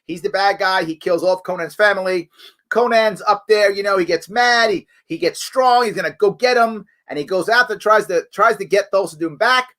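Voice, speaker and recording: A man's voice: high-pitched, moderate pace, bright, forceful tone. A middle-aged man hosting a live online show, talking in an emphatic, conversational way and often checking in with "right?". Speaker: show host.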